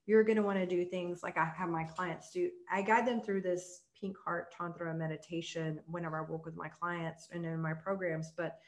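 A young woman, a tantra coach, talking on a podcast and leading a soft, slow guided meditation. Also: on the low side, fairly even intonation.

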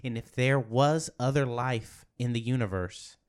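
A man's voice: mid-range voice, measured pace, smooth. A man hosting a comedy podcast, hyping the show in a goofy showman manner. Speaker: podcast host. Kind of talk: casual comedy podcast chat.

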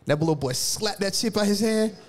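A man co-hosting a casual podcast chat, animated and quick to laugh while telling stories. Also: high-pitched. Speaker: podcast co-host.

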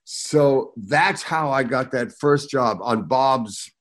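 A man's voice: mid-range voice, slow pace. An older man, an actor guest, telling anecdotes in casual chat and acting out the people he quotes. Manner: animated storyteller, acts out quotes.

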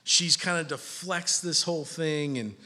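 A man in his thirties preaching a sermon, animated, shifting from soft and low to loud and high. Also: unhurried. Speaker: pastor. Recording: long hall reverb.

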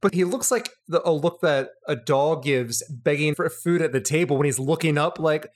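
A man's voice: a little high, moderate pace. A man co-hosting a podcast, talking in a laid-back, amused way with lots of casual fillers. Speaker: podcast co-host. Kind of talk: casual chat reviewing a TV serial.

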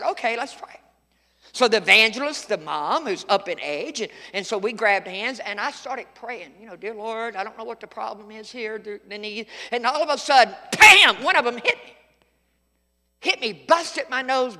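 A man's voice: high-pitched, lively intonation, normal speed, bright, forceful tone, in a large hall. A middle-aged male pastor preaching a sermon, telling folksy stories with sudden emphatic outbursts.

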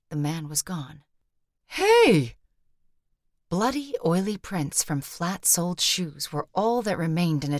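A woman narrates an audiobook with a low-pitched voice. She tells the story in a measured, even way. The recording is dry with no room sound. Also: no room sound. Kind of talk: scripted narration.

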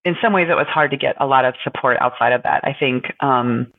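A woman with a gravelly, fry-laden voice reflects slowly in a casual podcast chat. She stops and restarts often, filling gaps as she thinks. The sound is narrow and tinny, like a phone call. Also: extremely low pitch. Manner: halting, thoughtful, many pauses and fillers. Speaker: podcast co-host.

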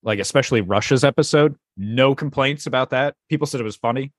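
A man's voice: mid-range voice, fast, no echo, clean studio sound. A young man hosting a podcast, chatting casually with loose, profane, joking banter. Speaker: podcast host.

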